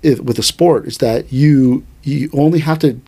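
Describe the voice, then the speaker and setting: A man who teaches a traditional martial art, explaining in a casual podcast conversation. He talks animatedly and thinks aloud, with restarts and quick asides. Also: medium pitch, dark tone, slightly rough.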